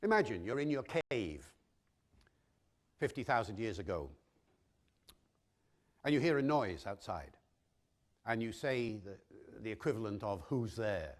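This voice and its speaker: A man's voice: lowish voice, lively intonation, a little slow, pauses often. A man from Wales, giving an educational talk full of rhetorical questions. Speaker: lecturer on language.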